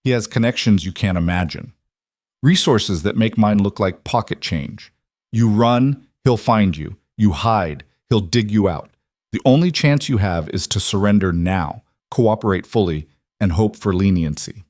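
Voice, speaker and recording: A determined dad hero in an audiobook thriller, low voice, steady and persuasive, as a narrator puts him on. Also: male voice, a little slow, no room sound, studio quality. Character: determined single father, steady under pressure.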